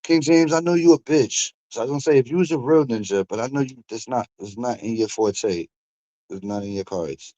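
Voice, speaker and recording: A man's voice: medium pitch, brisk, no echo, lo-fi sound. A man hosting a stream, ranting casually and profanely, with mocking asides. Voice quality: animated, profane, mocking impressions. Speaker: streamer host.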